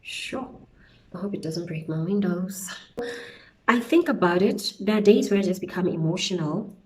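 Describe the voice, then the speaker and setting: A young woman from South Africa, a beauty vlogger chatting through a storytime while she does her makeup, animated and peppered with slang interjections. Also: on the low side, moderate pace, slight background noise, rough recording. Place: indoors at home, windy outside.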